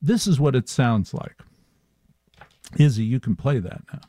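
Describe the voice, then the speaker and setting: A man's voice: medium pitch, very animated, a little slow, warm tone, dry recording. A male radio talk show host riffing sardonically through a live monologue. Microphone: studio microphone.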